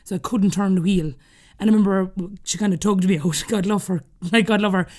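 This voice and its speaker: An Irish woman in her thirties with a Cork accent tells stories quickly as a podcast guest, chatting freely and laughing between phrases. Her voice has an ordinary mid pitch and a somewhat dark tone, and the conversation is a casual storytelling interview.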